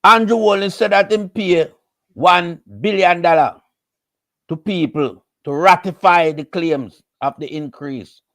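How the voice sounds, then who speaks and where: A man with a Jamaican accent giving measured but indignant political commentary and stressing his points. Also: sits high, fairly bright tone.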